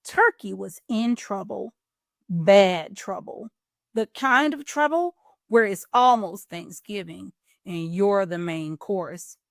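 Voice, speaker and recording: A woman hosting a children's storytime, reading a picture book aloud in a playful, expressive way. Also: medium pitch, creaky, no room sound, clean studio sound. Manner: expressive, playful, drawn-out delivery.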